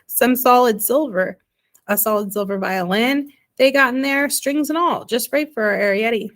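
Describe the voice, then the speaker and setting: A woman voicing an anxious, sharp-tongued tiny mother in a storybook reading, talking emphatically. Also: fairly high pitch, normal speed, lightly acted. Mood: eager. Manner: emphatic, scolding, fussy.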